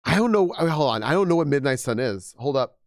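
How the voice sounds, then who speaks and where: A young man chatting casually on a game stream, rambling and animated with frequent restarts, slightly hoarse from losing his voice. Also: medium pitch, fast talker, no room sound, studio quality. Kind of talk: casual live-stream chat.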